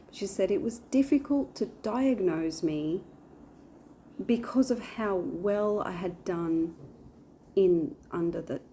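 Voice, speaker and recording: A woman's voice: mid-range voice, slow, warm tone, slight background noise. A woman in her forties chatting casually to camera in a rambling way, with lots of fillers. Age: 40s. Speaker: vlogger. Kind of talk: casual chat.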